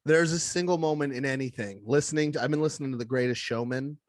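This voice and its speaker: A man's voice: medium pitch, quick pace, no echo, clean studio sound. A young man and father co-hosting a podcast, joking casually and acting out quoted voices. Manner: jokey, acts out quoted voices. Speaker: podcast co-host. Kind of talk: casual banter.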